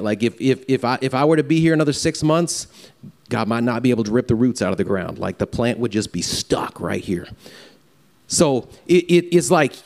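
Guy preaching a goodbye sermon, kinda high voice, stumbles and repeats words a lot. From Louisiana. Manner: earnest, halting with repeated words. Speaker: pastor. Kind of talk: farewell sermon.

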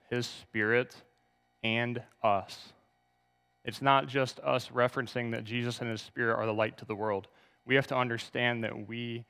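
A man's voice: mid-range voice, a bit bright, in a large hall. A man preaching a sermon, reading scripture aloud and asking the congregation to turn to verses. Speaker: pastor.

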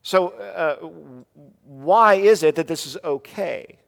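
Man, 30s, preacher, slightly high voice, stop-start storytelling, long hall echo. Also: creaky, a bit bright. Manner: halting, restarts and fillers, conversational storytelling. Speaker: pastor. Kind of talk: sermon with personal stories.

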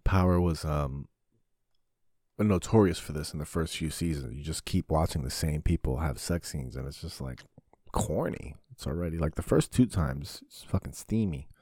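A man hosting a podcast, talking in a casual, crude, comedic monologue that rambles, swears a lot and breaks into sudden loud bursts. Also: rumbling low, moderate pace, husky, dry recording, studio quality. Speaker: podcast host.

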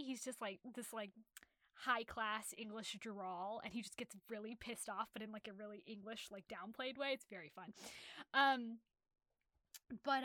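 A woman with a bright, crisp voice sits close to the mic and chats about a novel, with no room sound around her. She retells the plot in an animated, rambling way, full of fillers and restarts, and her voice sits a little above the usual range. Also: fairly high pitch, no room sound. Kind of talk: casual literary discussion.

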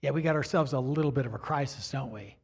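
A man's voice: mid-range voice, quick pace, creaky, slightly rough. A middle-aged man preaching a sermon as a pastor, telling stories in a chatty way and acting out the dialogue. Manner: animated storyteller acting out dialogue; chatty, asks "right?" and "you know". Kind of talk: storytelling sermon.

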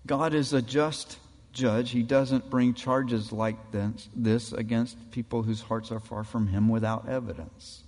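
Slow-preaching man in a reverberant hall. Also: mid-range voice, steady tone, a little mellow. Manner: dramatic, acts out quoted voices of God and people. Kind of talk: sermon.

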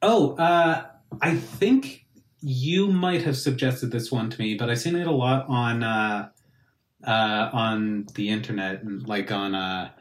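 A man's voice: medium pitch, slow. A man co-hosting a casual chat podcast, rambling with many fillers and joking around. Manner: rambling, lots of uh fillers, playful put-on voices. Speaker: podcast co-host. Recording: echoey room.

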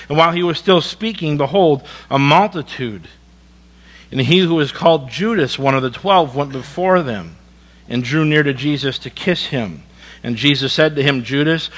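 His voice sits a little high as this male pastor preaches, dramatizing scripture readings and tossing in folksy asides. Sudden hushed moments add emphasis, and the audio is poor.

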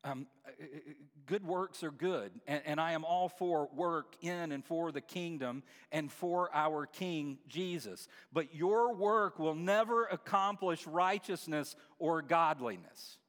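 A pastor preaches with earnest conviction, doubling back on his words and then climbing to emphatic, forceful peaks. His voice sits a touch high for a man. The sound carries a long reverb tail from a big church hall. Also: a little slow, hardly any pauses. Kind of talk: sermon.

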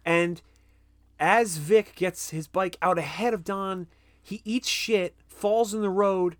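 A podcast co-host recaps a film in casual, slow-paced chat, swearing freely and animatedly acting out characters in a high, squeaky voice. The studio-quality recording has no room sound.

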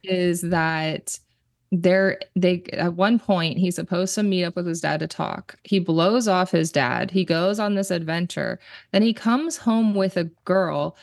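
A woman's voice: on the low side, unhurried, no room sound, clean studio sound. A woman guest on a casual film podcast, talking candidly, swearing freely and laughing often.

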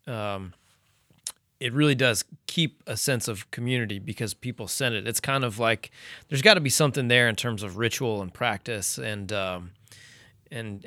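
A man hosting a casual podcast interview, encouraging and quick to say "mm-hmm.". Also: on the low side, pushed and bright, no room sound. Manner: encouraging, lots of "mm-hmm" backchannel. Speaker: podcast host.

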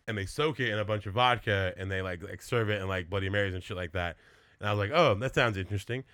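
A man's voice: low voice, fairly even intonation, quick pace, fairly bright tone, smooth, no room sound, studio quality. A man co-hosting a podcast, telling a rambling, profane anecdote in casual chat with lots of filler words. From born in California, early years in Minnesota. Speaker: podcast co-host.

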